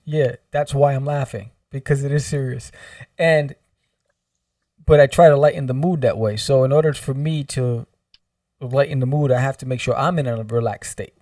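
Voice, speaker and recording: A man guesting on a podcast, telling a story in a lively, humorous way and acting out what people said. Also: mid-range voice, moderate pace, no room sound, clean studio sound, distant mic. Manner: animated, humorous, acts out quotes. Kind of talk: casual storytelling.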